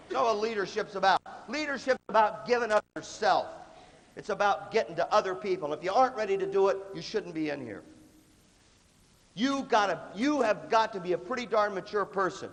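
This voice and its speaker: Brief: male workshop speaker, a little high, lively, playful, with a big hall echo behind him. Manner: animated, joking, acts out quick voices and sudden shouts. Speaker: leadership speaker. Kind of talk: motivational workshop talk. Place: large hall with a student audience. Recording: echoey hall, faint room noise.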